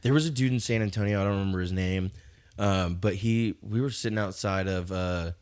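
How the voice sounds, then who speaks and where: A man's voice: low voice, a little fast, a little mellow, clean tone. A young man, a stand-up comedian hosting a podcast, talking in a laid-back, drawling way and swearing casually.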